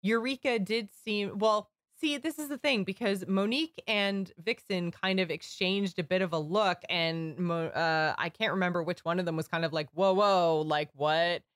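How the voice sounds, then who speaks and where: A woman co-hosting a podcast in casual, animated chat. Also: lowish voice, no room sound, studio quality. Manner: chatty, animated, quick asides. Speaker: podcast co-host.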